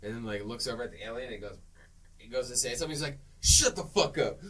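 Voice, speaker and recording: A man in casual podcast chat recaps a film scene by scene, swearing freely and getting worked up as he goes. His voice sits at an everyday middle pitch. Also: rapid-fire, recorded from a distance, low-quality recording. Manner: profane, animated retelling of scenes. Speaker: podcast co-host. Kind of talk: casual movie review chat.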